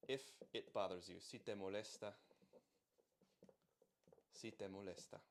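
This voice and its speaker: A man's voice: lowish voice, steady tone, a little slow. A man teaching a language through song lyrics, breaking each line down patiently and often checking in with "right?".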